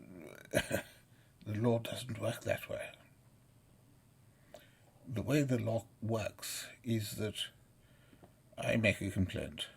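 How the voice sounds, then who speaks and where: Slow, gravelly man with a scornful, abusive tone in a ranting monologue. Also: lowish voice.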